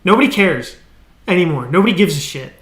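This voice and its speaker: Exasperated cursing male streamer, bright voice. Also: sits high, animated, brisk, roomy sound. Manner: exasperated, swearing, trailing off and restarting. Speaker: live coding streamer. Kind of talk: casual live-stream ranting.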